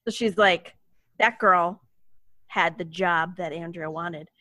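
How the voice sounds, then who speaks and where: A woman co-hosting a podcast, telling a movie plot in an animated, chatty way. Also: fairly low pitch, takes it slowly, dry recording. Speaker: podcast co-host. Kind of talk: casual movie recap chat.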